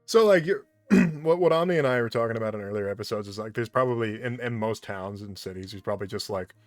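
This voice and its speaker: A mid-pitched man hosting a loose creative chat, making his points emphatically and laughing along. The sound is dry and close. Faint music plays in the background. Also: fast talker, no room sound. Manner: emphatic, opinionated, laughs often. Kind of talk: casual chat.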